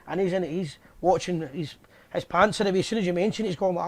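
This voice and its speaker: A man's voice: high-pitched, fast. A Scottish man hosting a fan live show, chatting in a casual, jokey, bantering way. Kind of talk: casual chat.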